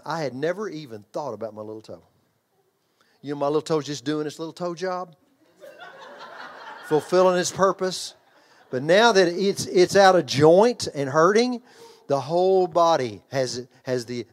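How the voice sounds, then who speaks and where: A middle-aged man preaching a sermon in a church, with an altar call and an animated story told with yells and laughter. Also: fairly high pitch. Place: church hall.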